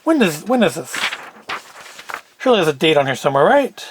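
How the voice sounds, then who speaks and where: Chatty man with a high, lively voice. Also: fairly quick, pauses often, breathy edge. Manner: rambling, chatty, thinking aloud. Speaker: host. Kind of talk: casual solo talk.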